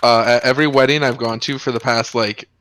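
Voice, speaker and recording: A man's voice: mid-range voice, steady tone, brisk, fairly bright tone, dry recording. A man bantering casually with friends over a game, chatting and joking between scenes. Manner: chatty, jokey commentary. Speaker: co-host commenting. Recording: faint music behind.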